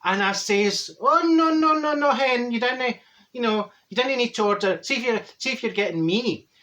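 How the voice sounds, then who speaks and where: A man's voice: high-pitched, moderate pace, a bit bright. Marjorie, a brash Glaswegian gossip, played by a man. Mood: gossipy. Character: brash gossipy Glaswegian woman, straight-talking. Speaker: comic character monologue. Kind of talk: comedic character monologue.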